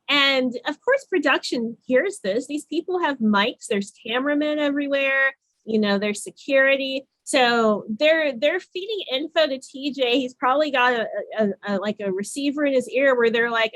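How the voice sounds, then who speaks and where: A woman with a high voice co-hosts a podcast, walking through a reality show episode in a casual play-by-play. She restarts her sentences often as she goes. The sound is dry and close, with no room around it. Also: fairly bright tone, no echo. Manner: quick play-by-play recap with frequent restarts. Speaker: podcast co-host.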